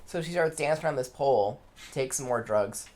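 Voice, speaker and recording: A young man co-hosting a casual film review, summarizing the plot in quick, joking quoted bits. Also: mid-range voice, a little mellow.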